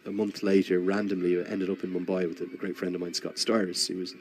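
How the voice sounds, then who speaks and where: A low-pitched man commentates live on cricket from the box, drifting into a chatty, rambling story full of restarts. Faint crowd noise sits behind his voice. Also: little pitch movement, brisk, a little mellow.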